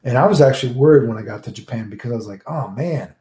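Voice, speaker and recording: Talking very fast in a warm, mid-range voice, this Southern-accented American man livestreams from an echoey room. He rambles with his live viewers, curses freely, and keeps tagging his lines with "right?".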